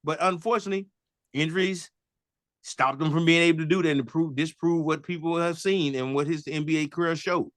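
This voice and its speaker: A man's voice: a little high, fairly quick, no room sound. A man in casual sports chat, talking animatedly, repeating himself and laughing at his own jokes. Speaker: podcast co-host.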